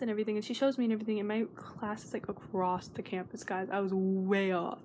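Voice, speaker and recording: A woman's voice: mid-range voice, level tone, moderate pace, a little mellow, slight background noise, poor audio. A teenage girl vlogging in a nervous, rambling way, often dropping to a whisper. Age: teens. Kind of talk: casual vlog chat.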